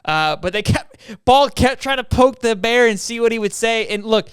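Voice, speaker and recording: A young man co-hosting a casual sports podcast, animated and joking, laughing often. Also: extremely high pitch, normal speed, clear, resonant tone, no echo, clean studio sound. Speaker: podcast co-host.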